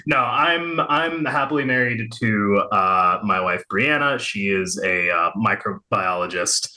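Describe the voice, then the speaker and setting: A man's voice: fairly low pitch, animated, measured pace, sharp tone. A man from Arkansas with no regional accent, a comic writer chatting as an interview guest with many fillers and restarts. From Little Rock, Arkansas. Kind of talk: casual interview chat.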